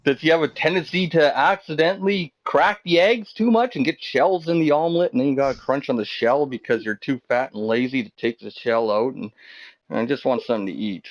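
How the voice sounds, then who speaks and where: A man's voice: medium pitch, fairly quick, low-quality recording. A man doing jokey, rambling commentary over a video game wrestling match, teasing his co-hosts. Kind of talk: jokey role-play commentary.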